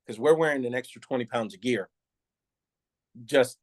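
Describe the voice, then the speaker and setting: Speaking at a moderate pace with a medium pitch and no room sound, a middle-aged retired police officer from New York City gives a candid account. He's animated throughout, laughing often and dramatizing other people's lines.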